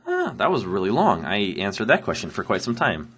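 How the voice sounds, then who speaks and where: A man's voice: lowish voice, huge pitch swings, a little fast, fairly bright tone, breathy edge. A man who is sick, answering viewer questions while playing a block-building game, rambling with many ums and laughs. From Canada. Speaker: Minecraft let's player answering viewer questions. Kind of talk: casual gameplay commentary.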